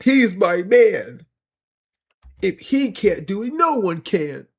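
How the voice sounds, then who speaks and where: Man doing a gushing loyalist, raised pitch, drawled, sing-song mockery. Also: very animated, slow, exaggerated voice. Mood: mock adoring. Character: gushing adult male party loyalist, starry-eyed.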